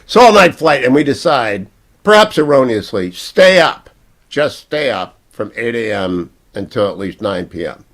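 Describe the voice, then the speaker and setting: A man's voice: medium pitch, big pitch swings, moderate pace, fairly bright tone. A man hosting a radio talk show from a hotel room, joking and rambling playfully with his co-host. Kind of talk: casual broadcast banter.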